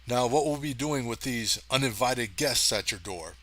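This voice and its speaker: A man voicing a huge, brawny male space ranger in a storybook reading, gruff and teasing, in a mostly plain voice. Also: medium pitch, expressive, moderate pace, fairly bright tone, low-quality recording. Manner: gruff, teasing, meant as Irish but plain.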